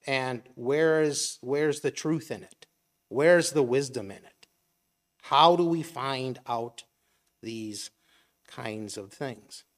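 A man's voice: mid-range voice, takes it slowly. A middle-aged man giving a conversational sermon, asking rhetorical questions and briefly acting out imagined voices. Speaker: preacher.

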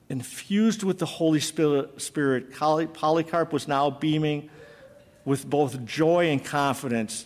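Male preacher, sermon storytelling, slightly high voice, long hall reverb. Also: a little slow. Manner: dramatic retelling, then earnest exhortation.

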